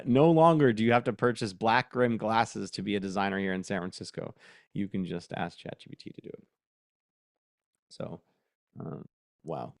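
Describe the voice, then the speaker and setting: A man presenting a casual live workshop demo. He thinks aloud, gets excitable and laughs often. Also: fairly low pitch, normal speed, vocal fry, long pauses, no room sound, studio quality.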